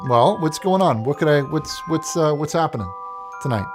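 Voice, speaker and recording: A man's voice: on the high side, lively intonation, normal speed, music in the background. Unflappable male call-in show host. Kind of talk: casual radio chat.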